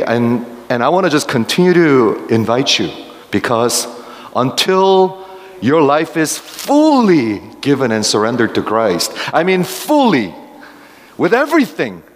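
Emphatic male pastor in a reverberant hall. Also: medium pitch. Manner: emphatic, questioning the congregation. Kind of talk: sermon.

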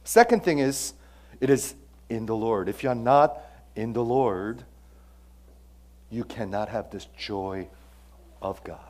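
Pastor preaching with dramatic loud-soft swings. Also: male voice, medium pitch, slow pace, long pauses. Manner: animated, swings between loud emphasis and quiet asides; asks the audience questions, frequent "okay?". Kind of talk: sermon.

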